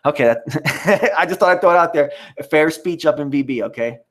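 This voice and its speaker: A man's voice: fairly high pitch, a little fast. A man hosting a live stream, ranting in a rambling, profane and mocking way while answering the chat. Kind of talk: casual live-stream rant.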